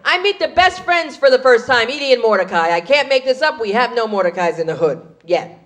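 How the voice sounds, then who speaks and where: A woman's voice: fairly high pitch, expressive, brisk, a bit bright. A woman doing a stand-up comedy set, telling punchy stories on a club stage and slipping into character voices.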